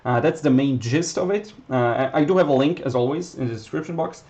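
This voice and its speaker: A man's voice: a little high, fast. A man with an Israeli accent, a native Hebrew speaker, casually teaching watercolor on a livestream and answering chat questions, thinking aloud. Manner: relaxed, thinking aloud, with fillers and restarts. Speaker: watercolor instructor.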